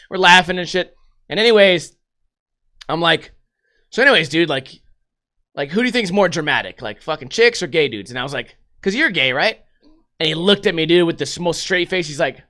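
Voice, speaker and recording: High, bright-voiced young man. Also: brisk, clear, resonant tone. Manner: crude, rambling storytelling with heavy swearing. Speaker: podcast host. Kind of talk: casual livestream podcast chat.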